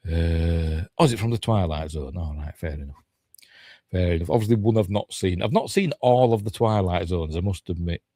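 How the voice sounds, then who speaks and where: A man with a Yorkshire accent talks through a film in a loose, chatty way, wandering off and catching himself. His voice sits on the low side. The sound is dry, with no room around it. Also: moderate pace, mellow, no room sound. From Yorkshire, England. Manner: rambling, thinks aloud, self-correcting. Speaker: film reviewer. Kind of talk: casual watch-along film commentary.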